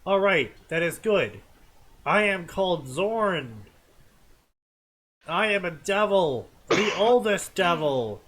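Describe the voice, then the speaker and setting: A man's voice: sits high, exaggerated voice. A man reading as an ancient devil. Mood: solemn. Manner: slow, flat, formal reading. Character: ancient male devil, calm and grand.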